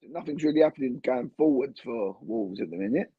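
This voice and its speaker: A man co-hosting a casual football podcast over a video call, talking in a relaxed, rambling way. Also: mid-range voice, brisk, gravelly, slightly rough, no echo. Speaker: podcast co-host. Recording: dull, dry lo-fi call audio.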